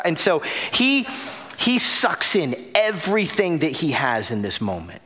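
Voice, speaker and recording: A young adult man preaching a sermon as pastor, telling a story with loud bursts and hushed drops. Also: high voice, sing-song, moderate pace.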